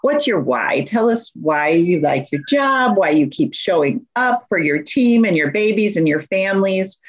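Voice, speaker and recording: A woman's voice: mid-range voice, lively intonation, measured pace. A woman hosting a podcast interview, effusive and bubbly, laughing easily with her guest. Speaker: podcast host. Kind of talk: casual interview chat.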